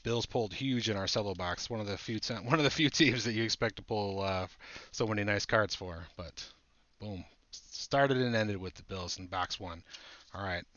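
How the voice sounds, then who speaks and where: A man hosting a live trading-card break, chatting excitedly with viewers as he opens packs. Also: lowish voice, normal speed. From Buffalo area, United States. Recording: dull lo-fi audio.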